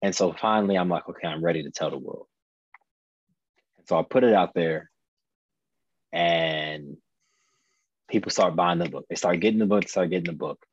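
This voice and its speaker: A man's voice: sits low, moderate pace, pauses often, no room sound, muffled recording. A man in his thirties, a podcast guest, telling a personal story earnestly and candidly, often restarting and repeating his phrases. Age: 30s.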